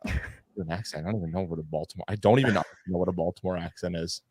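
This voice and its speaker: Brief: low-pitched man, dry close sound, a guest fan gushing and stumbling over his words. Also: rapid-fire, husky, no echo. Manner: animated, excitable fan talk with repeats. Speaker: guest superfan. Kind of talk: casual podcast chat.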